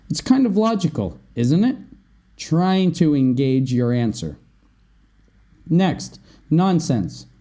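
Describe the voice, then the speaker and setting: A man's voice: fairly high pitch, warm tone. A man hosting an English-learning podcast, going through vocabulary words and often checking in with "right?". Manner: explains slowly, often asks "right?". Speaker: English teacher, podcast host. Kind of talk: vocabulary lesson.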